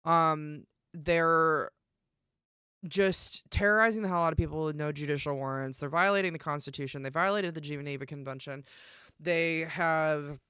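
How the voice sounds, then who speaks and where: A young woman streamer talking casually and emphatically, swearing often and filling pauses with "um" and "like". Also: low voice, bright, forceful tone, clean tone, no echo, clean studio sound. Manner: emphatic and profane, with many fillers. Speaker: live streamer. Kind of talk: casual live-stream rant.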